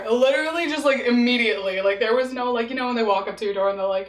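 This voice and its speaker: A woman's voice: on the high side, fast talker, reverberant, rough recording. Chatty young woman, lots of "like". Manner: chatty, heavy use of "like", laughs often. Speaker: vlogger. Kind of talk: casual storytelling mukbang.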